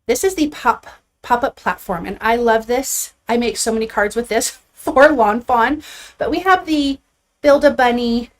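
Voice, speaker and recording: A woman's voice: fairly high pitch, a little slow. Chatty woman crafting live on stream. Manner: chatty and upbeat, talks to viewers while handling supplies. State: a bit out of breath. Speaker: card-making crafter hosting a live stream. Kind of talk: casual live crafting chat.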